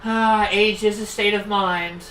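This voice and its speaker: A woman's voice: medium pitch, steady tone, unhurried, fairly bright tone, a little hiss or hum. A woman whose first language is German, streaming a game and rambling through casual asides with a sore throat from a cold. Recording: roomy, distant mic.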